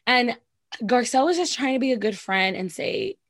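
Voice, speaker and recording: A woman's voice: a little high, lively intonation, moderate pace, a bit bright, no room sound. Blunt, profane young woman with a dry sound. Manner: blunt, profane, emphatic, heavy use of "like". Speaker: podcast co-host. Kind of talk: casual chat.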